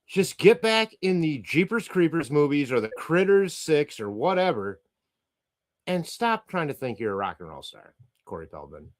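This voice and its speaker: Animated, ranting male livestream host. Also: fairly high pitch, normal speed. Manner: chatty, ranting, laughs often, profane. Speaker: livestream host reading chat comments. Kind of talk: casual livestream chat.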